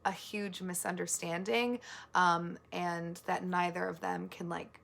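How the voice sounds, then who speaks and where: Casual woman book vlogger, rambling and filler-heavy, bright tone with vocal fry, earnest. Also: fairly low pitch, flat delivery, unhurried. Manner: rambling, filler-heavy, with many likes and ums; earnest and easily moved. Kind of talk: casual monthly book wrap-up.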